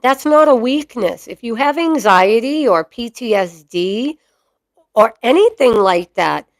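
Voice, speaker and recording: A woman's voice: fairly high pitch, no room sound. A middle-aged woman hosting her own podcast in a chatty, opinionated monologue, full of fillers. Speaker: mastiff breeder and podcast host.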